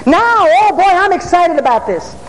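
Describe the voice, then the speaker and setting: Brief: excitable New street preacher, man, high voice, shouts and amens, echoing hall. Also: brisk, heavy background noise. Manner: excitable, bursts into shouts, asks the crowd for amens. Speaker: preacher, former police officer. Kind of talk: storytelling sermon.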